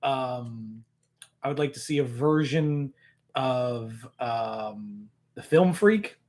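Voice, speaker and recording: A man joining as a guest in a casual live Q&A chat, pausing with ums and getting animated when sharing opinions. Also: medium pitch. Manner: thoughtful, pauses with ums, gets animated on opinions.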